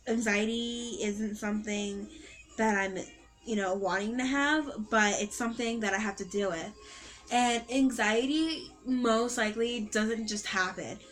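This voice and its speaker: A woman's voice: on the high side, a little slow, faint music behind, low-quality recording. A teenage girl vlogging casually about her own experience, rambling with many fillers and self-corrections. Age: teens. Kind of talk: casual personal storytelling.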